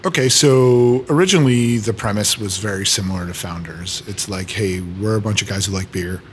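A man, a brewer, chatting casually in a podcast conversation, relaxed and thinking aloud as he explains how he works. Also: on the low side, brisk. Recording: faint background noise.

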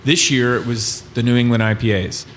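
A man's voice: medium pitch, fairly even intonation, a little fast, fairly bright tone. Musing man in a reverberant room. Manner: musing, hesitant. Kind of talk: casual podcast conversation. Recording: long reverb with faint noise.

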